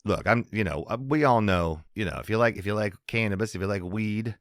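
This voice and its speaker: Low-voiced rambling podcast host. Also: male voice, brisk, fairly bright tone, dry recording, clean studio sound. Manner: rambling, self-interrupting, laughs at own jokes. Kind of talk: casual comedy podcast monologue.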